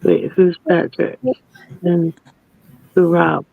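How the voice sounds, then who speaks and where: Woman co-streamer, slow and laid-back, short replies in casual chat. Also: on the low side, little pitch movement, gravelly, phone-quality sound.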